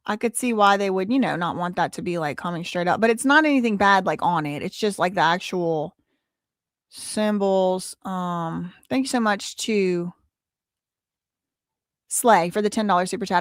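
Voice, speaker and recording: A woman's voice: mid-range voice, moderate pace, no echo, studio quality. A woman hosting a casual livestream, chatting and reading viewer messages and documents aloud. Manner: chatty, reads super chats and documents aloud, exclamatory. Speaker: livestream host.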